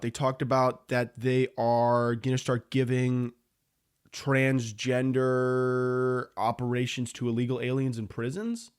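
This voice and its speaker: Rambling, joking young man podcasting. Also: mid-range voice. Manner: rambling, joking, sarcastic and profane. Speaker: podcast host. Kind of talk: casual solo podcast monologue.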